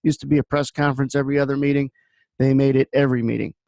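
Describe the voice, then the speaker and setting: A man's voice: mid-range voice, flat delivery, rapid-fire, gravelly, warm tone, no echo. A man hosting a trading room, giving blunt market commentary that wanders into personal stories. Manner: blunt, rambling storyteller.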